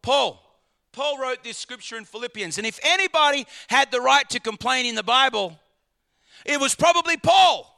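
High, gravelly preaching man. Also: lively intonation, moderate pace, sharp tone. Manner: emphatic preaching, rhetorical questions to the congregation, repeats words. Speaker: pastor. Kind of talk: sermon.

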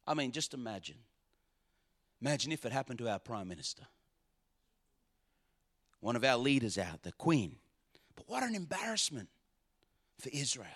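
A man preaching a sermon, swinging dramatically between shouted lines and hushed ones. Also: mid-range voice, very animated, normal speed, long pauses.

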